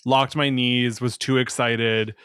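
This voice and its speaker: A male podcast host telling an excited anecdote in short, earnest bursts. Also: mid-range voice, takes it slowly, smooth, no echo, clean studio sound. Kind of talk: casual podcast chat.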